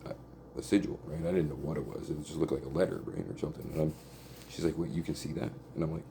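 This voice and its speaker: A low-pitched man rants angrily and profanely, filling every sentence with "like" and "right?". His voice is deep and gravelly, with a very dark, mellow tone. Faint background noise sits under his voice. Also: fairly even intonation, fast. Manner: agitated, profane, repeats "like" and "right?". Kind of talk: rambling angry monologue.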